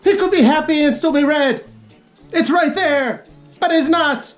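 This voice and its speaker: Woman, fairly high voice, gaming video host, comic rant, exasperated, sarcastic, emphatic, quick laughs. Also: soft background music. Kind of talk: comedic rant commentary.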